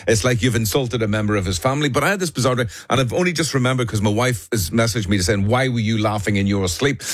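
A man's voice: mid-range voice, very fast, slightly rough, no echo. A man hosting breakfast radio, telling stories in a casual, chatty way that amuses him. He speaks into a close studio microphone with a dry, dead sound. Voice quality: chatty, self-amused storyteller. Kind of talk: casual chat.

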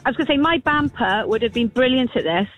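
A woman's voice: a little high, lively intonation, fast talker, highs cut off, soft background music. A woman from Wales with a Welsh accent, calling in to a radio show, cheerful and friendly. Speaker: caller.

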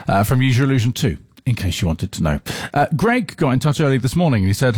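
A man's voice: on the low side, animated, fast talker, darkish tone, no room sound. A man presenting a rock radio show from the studio, chatting casually between songs with frequent fillers. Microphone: studio microphone.

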